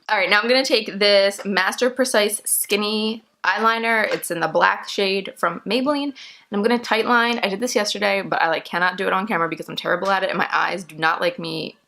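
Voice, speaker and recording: A woman's voice: mid-range voice, a little fast, vocal fry, pushed and bright. A young woman chatting her way through a makeup tutorial at home, explaining each step casually and laughing easily. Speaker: makeup vlogger.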